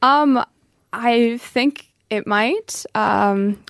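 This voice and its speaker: A woman's voice: on the high side, very slow, dry recording, clean studio sound. A young American woman in her twenties, a footballer guest chatting modestly on a podcast and laughing often. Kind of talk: casual podcast interview.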